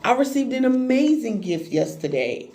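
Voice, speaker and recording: A woman tarot reader chatting on a live stream, animated and playful, talking straight to her viewers. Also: fairly high pitch, normal speed, a little hiss or hum. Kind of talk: live-stream spiritual reading chat.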